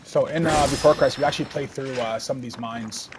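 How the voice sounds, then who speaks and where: A man's voice: medium pitch, brisk, background noise. A man giving rambling, casual commentary while playing a video game and chatting with viewers. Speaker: let's play streamer.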